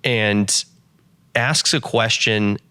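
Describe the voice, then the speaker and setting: A man hosting a casual podcast, telling stories with lots of fillers and lively quoted voices. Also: lowish voice, very slow, smooth, no echo. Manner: storytelling, many fillers, playful quoted voices. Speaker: podcast host.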